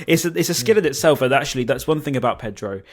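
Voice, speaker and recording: A man's voice: mid-range voice, animated, quick pace. A man, a podcast co-host in casual, enthusiastic football chat over a video call. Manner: chatty, enthusiastic, many restarts and fillers.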